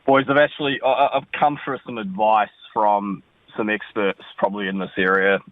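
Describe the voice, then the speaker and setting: Man, New Zealand accent, tinny phone line, lowish voice, glum and candid. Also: fairly even intonation, normal speed, no echo. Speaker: caller. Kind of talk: phoned-in voice message.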